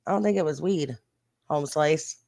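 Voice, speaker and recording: Livestream host, casual commentary, blunt, indignant, mild swearing, chats to viewers, mid-pitched voice. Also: normal speed, vocal fry, darkish tone. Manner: chatty, talks straight to the viewers.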